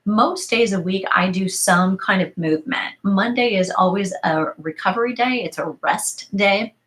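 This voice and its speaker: A woman's voice: medium pitch, moderate pace, fairly bright tone. A middle-aged woman fitness coach answering viewer questions live, talking emphatically with strings of rhetorical questions and a bit of morning voice. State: morning voice, clearing throat. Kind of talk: live Q and A talk.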